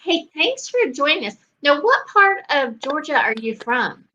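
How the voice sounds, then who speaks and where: A woman's voice: sits high, sing-song, bright, forceful tone, dull audio, a little hiss or hum. A woman from South Carolina, hosting a live online show and chatting with fillers. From Greenville, South Carolina. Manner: chatty, fillers, bursts of fast talk. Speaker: show host.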